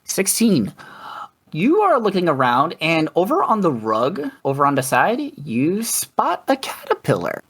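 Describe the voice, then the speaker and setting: A man's voice: a little high, huge pitch swings, unhurried, a bit bright, slightly rough. A man guiding players through a tabletop session, his voice rising and falling a lot. He is easygoing and laughs often. He sounds like he is on a voice call. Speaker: dungeon master. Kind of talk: narrating a tabletop game.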